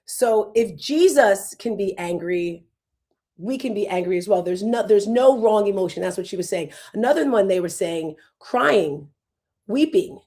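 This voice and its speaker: A woman's voice: mid-range voice, expressive, a little slow, darkish tone. A middle-aged woman hosting a live online talk show, chatting in a conversational way and speaking straight to her audience and the chat. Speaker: host.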